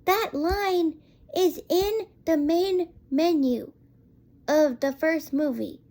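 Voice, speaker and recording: A woman with a high voice rants her way through a casual film review at an unhurried pace. She rambles, sounds exasperated, and leans on "like" between thoughts. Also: a little mellow. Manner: rambling and exasperated, heavy use of "like".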